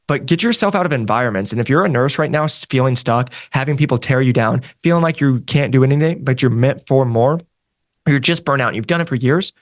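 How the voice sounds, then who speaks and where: A man coaching nurses on a career move, talking in an energetic, emphatic way with lots of repetition. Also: medium pitch. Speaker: sales coach. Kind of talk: podcast conversation.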